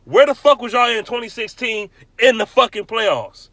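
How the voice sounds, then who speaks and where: Fired-up ranting man, high and forceful. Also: animated, normal speed, no echo. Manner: angry, blunt, repeats himself for emphasis. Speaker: sports fan vlogger. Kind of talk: heated profane rant.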